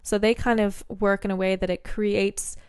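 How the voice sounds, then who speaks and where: A woman's voice: medium pitch, level tone, moderate pace, a little mellow, clear, resonant tone, dry recording. Woman explaining, dry close sound. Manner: rambling, self-correcting explainer. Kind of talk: casual chat.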